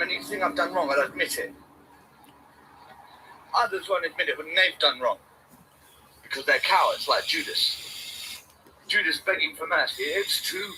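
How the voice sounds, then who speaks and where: A man vlogging in a rambling, excitable, sing-song way, repeating his phrases over and over. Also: a little high, a little hiss or hum, rough recording. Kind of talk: rambling self-filmed vlog.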